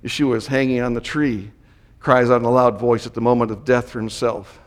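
A man's voice: mid-range voice, steady tone, fairly quick. A man giving a Bible teaching sermon to a Messianic congregation, explaining the text and raising his voice to read scripture. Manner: explanatory, reads scripture aloud with raised emphasis. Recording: long hall reverb.

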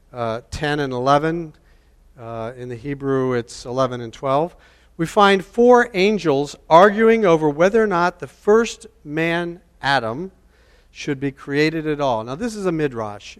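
Male preacher, slightly high voice, slow and emphatic, repeats key lines, long hall reverb. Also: clean tone. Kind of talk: sermon.

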